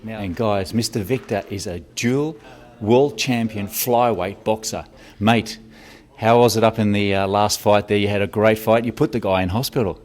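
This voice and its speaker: A man's voice: on the low side, normal speed, few pauses, a little mellow. Matey Australian male host. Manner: matey, easygoing, says "mate" a lot. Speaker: show host. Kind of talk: casual interview. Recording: crowd noise behind.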